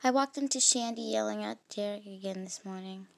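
A woman reading an interactive story game aloud as its heroine, in an expressive, dramatic way. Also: mid-range voice, brisk, creaky, no room sound. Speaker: game player voicing the protagonist.

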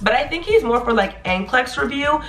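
A young woman in her twenties giving animated, encouraging advice in a casual vlog. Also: high voice, fairly quick. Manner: animated, chatty, playful, encouraging. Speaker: nursing graduate vlogger. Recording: echoey room.

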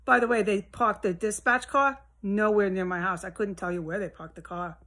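A woman rambling alone at home in a solo monologue, swearing often and drifting between low mutters and heated outbursts. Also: fairly even intonation, moderate pace, a bit bright. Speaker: vlogger. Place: at home, indoors with a window open.

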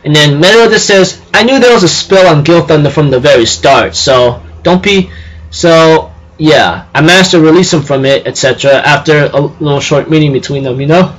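A man's voice: fairly high pitch, moderate pace, a bit bright, rough recording. A man casually recapping an anime episode, rambling with lots of fillers and repeated phrases. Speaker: anime reviewer.

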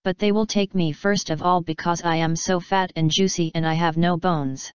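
Storybook earthworm, fretful and gloomy, low-set as read by a woman, muffled studio sound. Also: steady tone, moderate pace, clear, resonant tone, dry recording, close to an everyday voice. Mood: wailing. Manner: worried, wailing.

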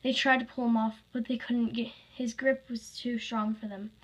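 A woman's voice: a little high, level tone, moderate pace, husky, rough recording. A woman reading her own fan story aloud, plainly, with small slips.

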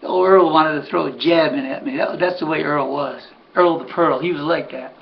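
Gravelly older man spinning a yarn. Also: fairly high pitch, moderate pace. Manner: rambling, conversational, says "buddy", many restarts. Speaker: harness horse trainer. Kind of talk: personal anecdote storytelling. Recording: dull lo-fi recording with faint hum.

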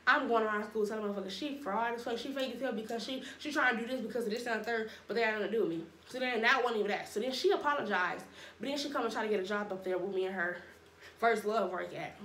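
A young woman telling a casual storytime with lots of slang, animated and acting out what people said. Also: fairly high pitch, quick pace. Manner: animated, slangy, acts out quotes. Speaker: storytime vlogger. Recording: roomy echo, faint background noise.

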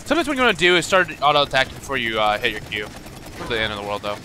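A man giving live gameplay commentary, coaching his teammates and shouting at big moments. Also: medium pitch, wildly swooping pitch, racing, slight background noise. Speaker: gaming video creator.

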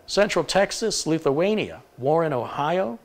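A man from Michigan hosting a live tech stream, briskly reading out where viewers are tuning in from and stumbling over hard-to-pronounce names. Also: on the high side, expressive. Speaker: tech livestream host.

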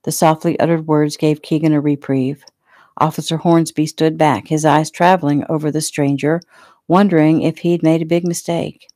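A woman author reads her own novel aloud, casually and plainly, as if sitting in the room with you. Her voice is low and mellow. The recording is dry, with no room echo. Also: level tone, moderate pace. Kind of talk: casual audiobook reading.

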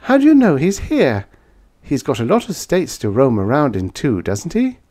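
A man's voice: medium pitch, wildly swooping pitch, normal speed, darkish tone, voice pushed up. A man voicing a nosy, prying woman in a bar for an audiobook of a vintage science fiction story, raising his voice to play her. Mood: questioning. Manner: knowing, then jumpy and flustered. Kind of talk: audiobook character voice.

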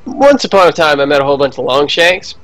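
A man voicing a chatty, friendly male goblin in a tabletop game, raised and quick. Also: fairly high pitch, animated, fairly bright tone, no room sound. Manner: quick, cheerful and blunt.

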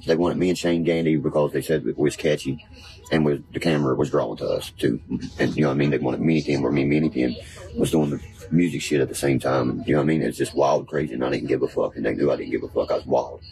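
A man's voice: very deep voice, fairly even intonation, fast, creaky, poor audio. A man from Virginia, rambling in casual chat, cursing freely and spinning conspiracy talk. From West Virginia. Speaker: guest. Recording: background music playing.

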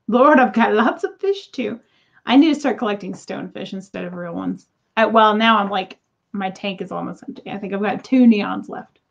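Woman in her 30s chatting to viewers, gravelly voice, kinda exasperated, dull-ish home recording. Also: medium pitch. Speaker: crystal seller. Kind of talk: casual unboxing chat.

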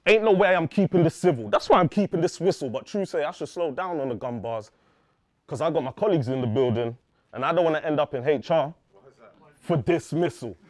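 A British man performing a battle rap at a live event, delivering mocking punchlines in a measured way. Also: a little high, animated, darkish tone, no room sound. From United Kingdom. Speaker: battle rapper.

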